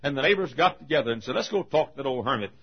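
A man preaching a sermon, telling stories and laughing often between phrases, moving from hushed storytelling to shouted appeals. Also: expressive, very fast, breathy edge. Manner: swings from hushed storytelling to shouted high-pitched exhortation. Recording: dull lo-fi sermon recording.

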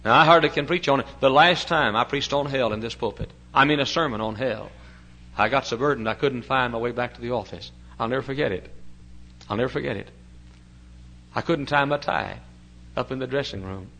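Bright, forceful preacher man. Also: medium pitch. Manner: shifts from soft, hushed storytelling to loud, thundering preaching with rapid lists; drawn-out, emphatic reading of scripture verses. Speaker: pastor. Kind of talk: fiery revival sermon.

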